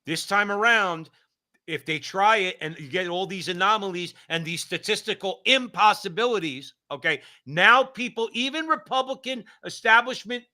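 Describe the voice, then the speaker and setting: A male co-host on a political talk show. His voice is very bright and cutting, set a little high. He hammers points home by repeating phrases. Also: lively intonation, normal speed. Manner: emphatic, repeats himself for stress.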